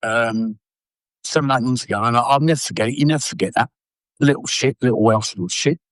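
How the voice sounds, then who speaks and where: An older former footballer telling blunt, sweary stories in an interview. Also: male voice, mid-range voice, fast talker, no room sound, rough recording. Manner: blunt, sweary, animated anecdotes. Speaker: former footballer and manager, guest. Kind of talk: casual storytelling interview.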